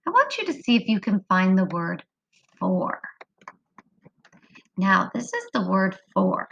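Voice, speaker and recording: Slow, bright-voiced teacher woman. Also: medium pitch, wildly swooping pitch, gravelly, highs cut off. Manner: slow, sing-song teacher voice, drawing words out. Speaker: kindergarten teacher. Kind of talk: phonics lesson for young children.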